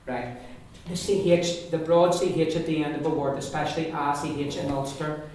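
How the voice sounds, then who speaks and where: A man's voice: fairly high pitch, steady tone, moderate pace, a little mellow, a little hiss or hum. A man with a Belfast accent, teaching Irish pronunciation to a class and patiently repeating words for them to echo. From Northern Ireland. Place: classroom with students. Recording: echoey room, far from the mic, class around.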